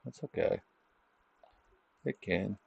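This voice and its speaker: A man's voice: low-pitched, slow, vocal fry, breathy edge, no room sound, muffled recording. A man hosting a trading livestream, chatting casually over charts and tossing in tag questions like "isn't it?". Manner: loose, chatty, thinking aloud.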